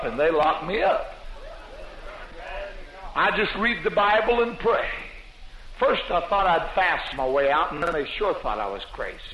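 Man preaching, high bright voice, dull lo-fi tape, roomy echo, storytelling sermon that swells to shouting. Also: slight background noise. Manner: storytelling, builds to fervent shouting. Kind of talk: testimony sermon. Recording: lo-fi echoey old sermon tape.

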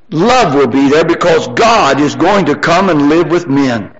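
An older man preaching a sermon, repeating his phrases as he presses his congregation, then dropping into quieter storytelling. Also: lively intonation, a little slow, hardly any pauses, slightly rough, dull audio. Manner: rising to high-pitched emphatic exhortation, then softer storytelling.

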